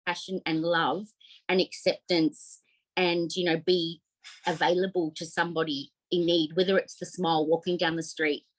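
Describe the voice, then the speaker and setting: A middle-aged Australian woman telling her story as a podcast guest, heartfelt and animated, with many fillers. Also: lowish voice, normal speed, poor audio. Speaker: podcast guest, op shop owner. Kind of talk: casual interview storytelling.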